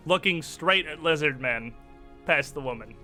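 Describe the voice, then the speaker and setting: A man running a tabletop game with a bright voice and lively, swooping pitch. He narrates with energy and breaks into laughter often, and faint music plays behind him. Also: normal speed. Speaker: game master.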